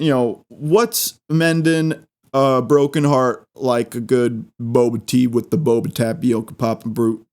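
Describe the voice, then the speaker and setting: Excitable man rambling through a funny story. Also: medium pitch. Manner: rambling, excitable, repeats words for laughs. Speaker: podcast host. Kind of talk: comedic storytelling monologue.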